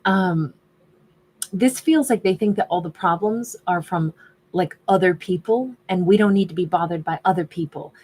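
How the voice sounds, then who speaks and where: A woman's voice: lowish voice, moderate pace, darkish tone, husky. A woman doing a casual tarot reading who thinks aloud and is losing her voice. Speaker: tarot reader.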